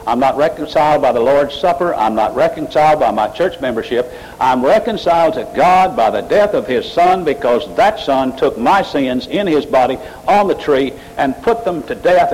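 A man preaching a sermon, rising sharply in pitch and volume as he drives his points home. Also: darkish tone, slight background noise, rough recording. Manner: mocking emotional worshippers in a high voice. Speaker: pastor.

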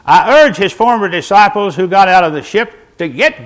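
A man's voice: sits high, expressive, normal speed, a bit bright. A man, preaching a sermon to his church while seated, with folksy asides to the congregation. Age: 80s. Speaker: pastor.

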